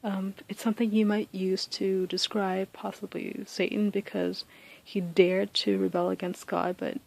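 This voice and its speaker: A woman giving a casual spoken lesson, thinking aloud with many ums and uhs and reading poem lines slowly and deliberately. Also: medium pitch, level tone, creaky, darkish tone, low-quality recording. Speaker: teacher explaining close reading.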